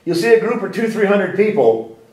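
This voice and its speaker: In a sit-down interview, a male guest with a slightly high voice talks energetically and a little fast, often restarting sentences and throwing out rhetorical questions. The mic is a bit distant, so his voice echoes around a library room.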